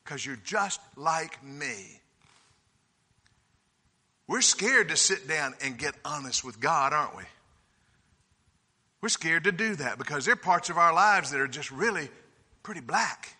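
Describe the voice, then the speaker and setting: A man preaching a sermon, telling folksy, humorous stories in a lively way. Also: fairly high pitch, measured pace, long pauses, husky. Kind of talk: sermon with storytelling. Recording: reverberant hall.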